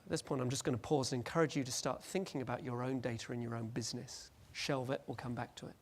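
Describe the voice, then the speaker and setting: A man giving a lively, joking conference presentation and acting out little scenes. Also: mid-range voice, fast talker. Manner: animated, jokey, acts out scenes. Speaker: conference speaker.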